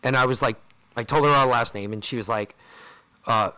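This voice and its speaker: Male podcast co-host, bright and punchy tone, profane storyteller doing everyone's lines. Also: mid-range voice, a little fast, clean tone. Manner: profane, fired-up storyteller acting out quoted people. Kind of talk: casual storytelling chat.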